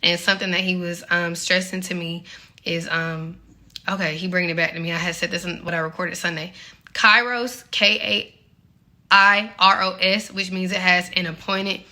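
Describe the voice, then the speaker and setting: Bright-voiced young woman, slightly breathless. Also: on the low side, flat delivery, fairly quick. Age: 20s. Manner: candid, earnest, encouraging, many "like" fillers. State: a little out of breath. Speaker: faith vlogger. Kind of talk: casual faith talk to viewers.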